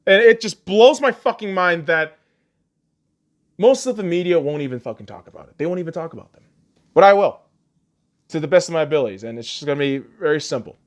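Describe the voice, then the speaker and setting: A podcast host on an angry, profane rant, swinging between shouting and low muttering. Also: male voice, expressive, a little fast, pauses often.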